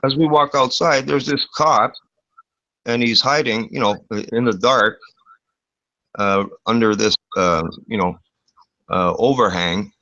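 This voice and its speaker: A man's voice: mid-range voice, unhurried, long pauses, dry recording. A man telling a rowdy anecdote in casual chat, swearing a lot and filling gaps with uh and you know. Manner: profane, lots of fillers, animated retelling. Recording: dull lo-fi dry recording.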